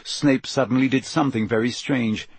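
A man narrating an audiobook in a steady, measured storytelling voice. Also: medium pitch, breathy edge, dry recording. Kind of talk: scripted narration.

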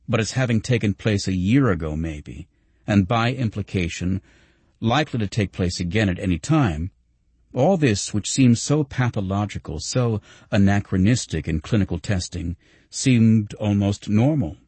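Man reading nonfiction aloud, low husky voice, calm and measured. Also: no room sound. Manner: measured, reflective storytelling. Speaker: narrator.

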